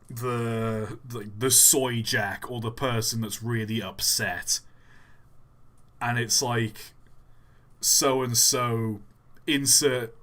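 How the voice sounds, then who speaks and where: A man streams a game live, offering casual commentary in a mid-range, slightly bright voice. He rambles, gets easily sidetracked as he reacts, and laughs often.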